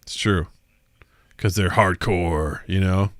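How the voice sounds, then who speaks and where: A man's voice: deep voice, slow pace, a bit bright. A man from Missouri, hosting a podcast in loose, rambling, jokey chat full of filler words. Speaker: podcast host.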